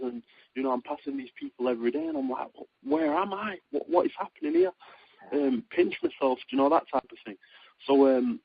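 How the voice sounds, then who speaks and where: Man, young, from Britain, husky, lowish voice, rambling with fillers, dull lo-fi line. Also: no echo. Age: young adult. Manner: rambling, many fillers and restarts, excitable when storytelling. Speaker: boxer being interviewed. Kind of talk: casual phone interview.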